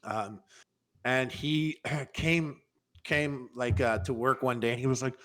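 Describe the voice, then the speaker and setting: A man telling an animated, swearing story in casual podcast chat, acting out the quotes. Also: mid-range voice, normal speed. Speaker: podcast guest.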